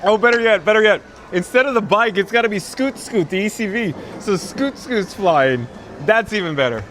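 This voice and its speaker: A man's voice: sits high, animated, moderate pace, a bit bright, a little hiss or hum. A man hosting a casual live stream outdoors at a theme park, rambling and laughing helplessly.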